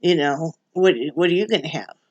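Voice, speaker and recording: A woman's voice: low-pitched, brisk, no room sound, highs cut off. Chatty, rambling woman from Wyoming. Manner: rambling, chatty, restarts sentences. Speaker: vlogger. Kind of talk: casual home chat. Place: at home, indoors.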